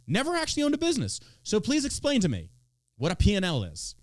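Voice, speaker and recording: A man hosting a podcast, ranting about politics with plenty of swearing and biting sarcasm. His voice sits a bit high for a man and swoops up and down in a very lively way. The sound is close and dry, with no room echo. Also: fast. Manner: profane, sarcastic, swinging between loud and mocking. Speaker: podcast host. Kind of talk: casual political rant.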